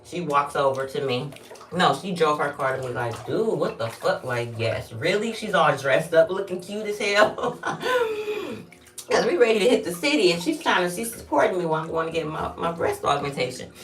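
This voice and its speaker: A woman with a low voice tells a rambling, candid story in casual vlog style, swearing freely as she goes. She sits some way from the mic, and the small bathroom around her echoes hard. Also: expressive, fairly quick, recorded from a distance, a little hiss or hum. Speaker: vlogger. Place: bathroom, during a bath.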